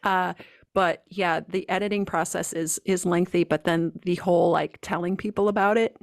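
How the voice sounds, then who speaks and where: A woman with a gravelly, fry-tinged voice chats animatedly as a podcast co-host, dotting her speech with fillers. The sound is dry and close, with no room echo. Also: fairly low pitch, moderate pace. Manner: chatty, animated, lots of fillers. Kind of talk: casual podcast chat.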